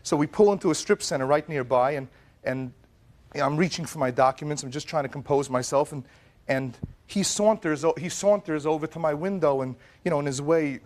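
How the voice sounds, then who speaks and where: A man giving animated, emphatic testimony as plaintiff on a televised courtroom set. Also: on the high side, fairly quick.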